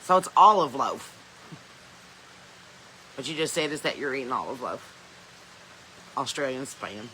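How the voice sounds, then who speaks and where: A woman's voice: extremely low pitch, expressive, unhurried, pauses often, pushed and bright, slight background noise, poor audio. A woman with a Southern US accent hosting a casual live stream from her phone, rambling, laughing often and reading viewer comments aloud. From Southern United States. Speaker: podcast host. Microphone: smartphone.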